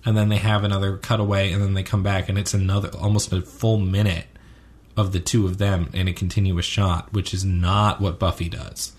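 A man's voice: sits low, flat delivery, a little fast. A man co-hosting a casual chat about a TV episode, rambling with many ums and self-corrections. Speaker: podcast co-host.

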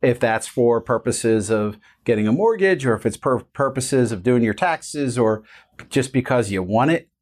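A man in his forties, a founder talking as an interview guest, relaxed and earnest with many fillers. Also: mid-range voice, normal speed. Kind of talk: casual interview conversation.

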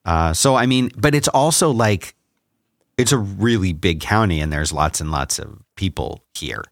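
A man with a low voice talks in a relaxed, easygoing podcast chat and laughs easily. His tone stays loose even while he reads an ad. The sound is close and dry, with no room behind it. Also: normal speed, creaky, no room sound. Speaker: podcast co-host. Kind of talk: casual chat with a read ad.

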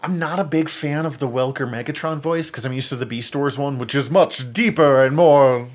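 A podcast co-host chats casually, enthusiastic, opinionated and rambling, with plenty of fillers. He has a mid-range voice and talks a little fast.

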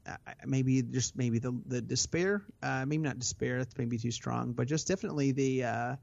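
A man's voice: medium pitch, moderate pace, creaky, a little mellow. A man co-hosting a casual book discussion podcast, thinking aloud with many hesitations and fillers. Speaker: podcast co-host. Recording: slightly dull lo-fi audio.

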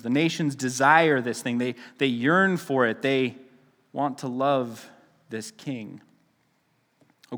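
Joking pastor in a reverberant church. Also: male voice, medium pitch, a bit bright. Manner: chatty and joking, with frequent restarts and laughs. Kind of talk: casual sermon. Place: church sanctuary. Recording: long reverb of a church hall.

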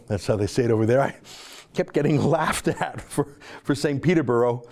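Canadian male podcast host, brisk and chatty, mellow low-toned voice. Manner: brisk, chatty, self-mocking. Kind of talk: podcast monologue and field report.

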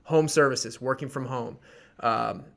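A man's voice: mid-range voice, unhurried, gravelly. A man co-hosting a podcast, talking casually and at length about stocks he is buying, with many fillers and restarts. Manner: rambling and explanatory, full of fillers. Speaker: podcast co-host.

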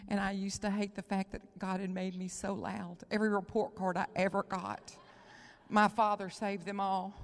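A woman from Texas, preaching an emotional sermon, moving between loud proclaiming and hushed whispers. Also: medium pitch, normal speed, hardly any pauses. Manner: emotional, near tears. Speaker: guest preacher. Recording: long hall reverb.

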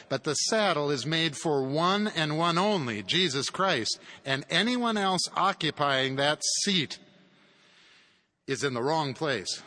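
Bright-voiced man lecturing in an echoing hall. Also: mid-range voice. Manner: conversational, with chuckling asides. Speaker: theology lecturer. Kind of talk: classroom theology lecture. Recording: long hall reverb.

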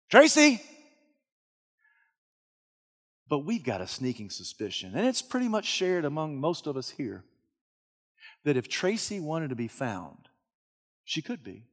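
A man's voice: medium pitch, vocal fry, a little mellow, long reverb tail, pitched below the performer's own voice. A preacher playing a complacent, easygoing man in charge of a camp who brushes off requests to help. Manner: cheerfully coaxing, then drawling and dismissive.

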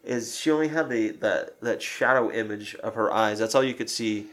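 A man co-hosting a casual podcast about a film, animated and laughing, with lots of fillers and swearing. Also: fairly low pitch, normal speed. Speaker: podcast co-host.

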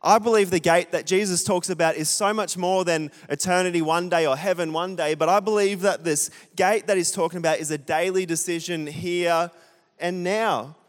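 A man's voice: high-pitched, fairly even intonation, normal speed. Chatty young male pastor in a reverberant hall. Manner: chatty, self-deprecating, asks the congregation questions. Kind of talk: sermon with a storytelling aside. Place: church hall with a congregation.

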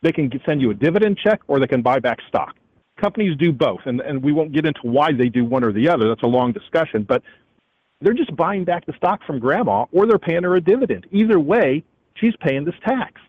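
Husky emphatic economist on a muffled line. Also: male voice, on the high side, expressive, fairly quick, no echo. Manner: emphatic, indignant, repeats the host's name. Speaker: economist guest. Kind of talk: radio interview. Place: airport, calling in while traveling.

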